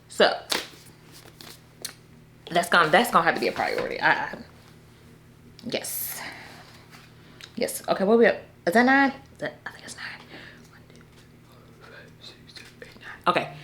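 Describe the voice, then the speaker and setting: A young woman chats to her camera about books in a slightly low voice. Her pitch swings widely as she gets excited, and she keeps addressing her viewers directly in a loose, laughing manner. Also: slight background noise. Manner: animated, talks to viewers as y'all, laughs often. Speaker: book vlogger. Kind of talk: casual chat to camera.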